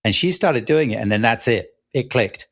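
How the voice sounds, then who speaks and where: A man with a British accent softened by years in the US, co-hosting a casual podcast. He talks in an easygoing way and laughs between his phrases. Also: mid-range voice, lively intonation, moderate pace. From United Kingdom. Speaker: podcast co-host.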